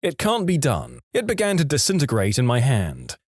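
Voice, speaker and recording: A man reading a story aloud as narrator, in a lively, expressive way. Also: medium pitch, moderate pace, dry recording, studio quality.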